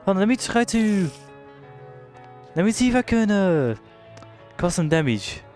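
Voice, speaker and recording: A young British man commenting casually on a game he is playing, swearing and reacting loudly to what happens on screen. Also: high-pitched, very animated, unhurried, soft background music. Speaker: streamer.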